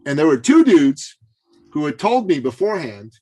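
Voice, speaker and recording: A man telling a story as an interview guest, animated and full of fillers and restarts. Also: a little high, moderate pace.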